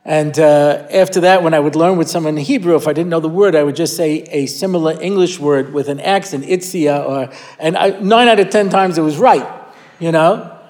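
A man's voice: a little high, normal speed, darkish tone. Man teaching in an echoing hall. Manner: storyteller who acts out quoted voices, with frequent restarts. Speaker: rabbi giving a weekly Torah class. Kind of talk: Torah lecture with storytelling. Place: hall with a live audience. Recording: long hall reverb.

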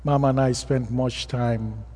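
A man's voice: mid-range voice, fairly even intonation, unhurried, mellow, husky. A man with an African accent, a pastor preaching a sermon and telling stories in a plain, earnest way. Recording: long reverb of a hall.

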